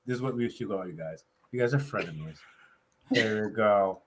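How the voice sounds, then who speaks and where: A man's voice: fairly low pitch, moderate pace. A man moderating a fan panel, playful and slangy, throwing questions to the cast. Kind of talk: casual panel hosting.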